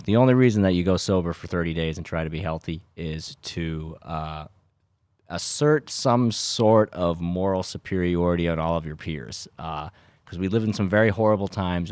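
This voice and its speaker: A young man, a podcast host rambling in a sarcastic deadpan way with lots of filler words. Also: deep voice, normal speed, dry recording. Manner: dry sarcastic delivery with frequent filler words. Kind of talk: rambling deadpan comedic monologue.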